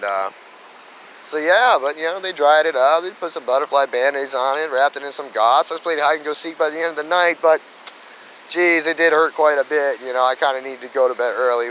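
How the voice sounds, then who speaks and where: A man's voice: on the high side, fairly bright tone, a little hiss or hum, low-quality recording. Rambling man telling stories outdoors. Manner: rambling, with lots of "you know" fillers and restarts. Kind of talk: casual storytelling monologue.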